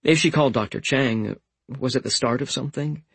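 A man reading a literary audiobook in a calm, understated way. His voice is husky, with a gravelly fry at the ends of phrases. The sound is close and completely dry. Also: mid-range voice, a little fast, no echo, poor audio. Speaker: audiobook narrator. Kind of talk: scripted literary narration.

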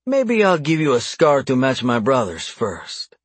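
Dude doing a menacing mob boss, slow mocking drawl, husky, dry. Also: male voice, medium pitch, sing-song, dry recording. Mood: taunting. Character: menacing male crime boss, cold and taunting.

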